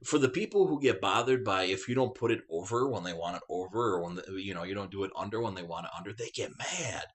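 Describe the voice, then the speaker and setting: A man's voice: low-pitched, fast. A man vlogging in a casual, rambling rant, swearing freely as he talks to the camera. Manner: rambling, profane, chatty.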